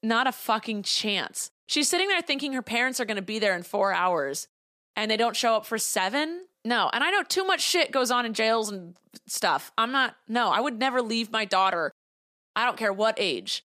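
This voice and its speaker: A woman's voice: a little high, expressive, moderate pace, pushed and bright, no room sound. A woman hosting a solo podcast, talking bluntly with a lot of swearing and heated opinions into a close mic. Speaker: podcast host.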